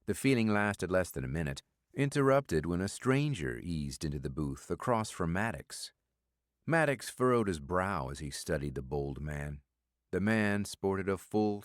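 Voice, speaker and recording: A man narrating a thriller audiobook with a steady, measured delivery. His voice is very low. The recording is dry and close, with no room sound. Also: no echo. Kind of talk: scripted narration.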